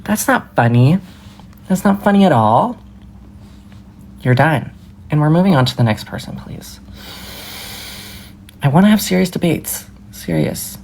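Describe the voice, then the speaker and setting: A woman's voice: low-pitched, expressive, measured pace, long pauses, darkish tone, a little hiss or hum. A woman hosting a casual live debate with callers, talking in an earnest, insistent, lecturing way. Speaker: livestream debate host.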